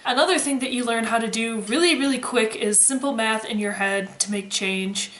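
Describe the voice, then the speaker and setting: Young woman vlogger, bit high-voiced, sardonic and profane; recorded in an echoey room. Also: normal speed, a bit bright. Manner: sarcastic, swears freely, dry humor. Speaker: vlogger, former waitress. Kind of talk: casual chat to camera. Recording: roomy echo.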